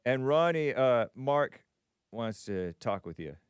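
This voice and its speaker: A man's voice: medium pitch, big pitch swings, slow, clear, resonant tone, no room sound. A man hosting a call-in show, chatting casually with callers, reading viewer comments aloud and laughing often. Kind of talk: casual call-in radio talk.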